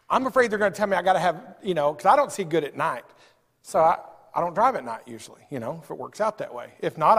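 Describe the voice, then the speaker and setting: A middle-aged pastor, preaching a sermon with humorous stories, swinging from loud outbursts to low asides. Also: male voice. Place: church sanctuary. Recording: long hall reverb.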